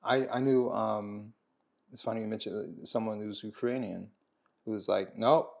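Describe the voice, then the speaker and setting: A man hosting a casual conversation over a meal, speaking haltingly and restarting his sentences often. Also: on the low side, steady tone, creaky. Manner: halting, with many restarts and fillers. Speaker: host.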